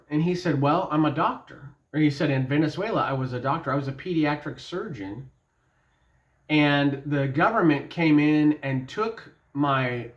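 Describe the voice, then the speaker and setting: A man giving an informal devotional Bible talk, telling stories in a folksy, conversational way with fillers. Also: fairly high pitch. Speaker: Bible teacher. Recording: dull lo-fi sound.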